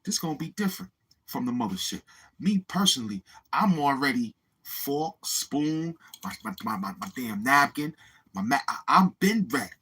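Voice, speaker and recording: A man's voice: mid-range voice, very animated, moderate pace, bright, forceful tone, husky, rough recording. A man chatting casually on his livestream, rambling and swearing as he talks straight to his viewers. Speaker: YouTube livestreamer.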